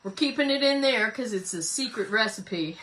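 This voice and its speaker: A woman's voice: fairly high pitch, animated, normal speed, fairly bright tone, slight background noise. A woman, chatting, giggling and rambling as she hosts a home craft livestream and reads viewer comments. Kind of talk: casual chat while crafting.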